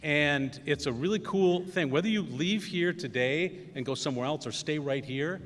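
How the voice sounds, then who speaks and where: A man's voice: fairly high pitch, normal speed, a little hiss or hum. Middle-aged man, commencement speaker, loose anecdotal delivery, long hall reverb. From Wisconsin. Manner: storytelling with many fillers and acted quotes. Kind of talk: anecdotal speech. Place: large hall.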